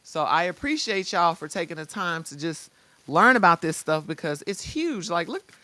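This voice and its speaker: A woman hosting a live-streamed software tutorial. She chats casually in slang and talks straight to her viewers. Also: fairly low pitch, normal speed. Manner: lively, chatty, addresses viewers directly. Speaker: host.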